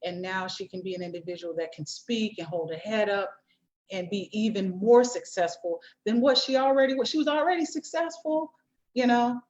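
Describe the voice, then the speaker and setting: A woman's voice: mid-range voice, steady tone, normal speed, darkish tone. A woman hosting a casual interview, enthusiastic and affirming, with lots of agreement. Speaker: host. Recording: dull lo-fi audio.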